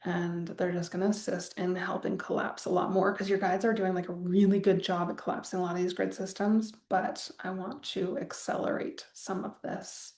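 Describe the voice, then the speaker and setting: Her voice is on the low side with a darkish tone, and the room is echoey. She's a woman coaching a group through a live online wealth masterclass, talking casually, rambling, sighing, and swearing now and then.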